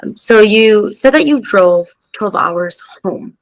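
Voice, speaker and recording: A woman's voice: medium pitch, lively intonation, takes it slowly, dry recording, poor audio. A woman hosting a podcast, responding with empathy and asking reflective follow-up questions. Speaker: podcast host. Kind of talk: interview conversation.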